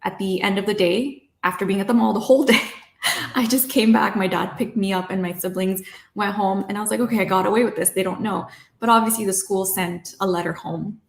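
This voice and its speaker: A young woman from Canada, a guest telling her life story in a lively way, acting out herself and her parents as she goes. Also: medium pitch, fairly quick, creaky, reverberant. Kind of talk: personal storytelling.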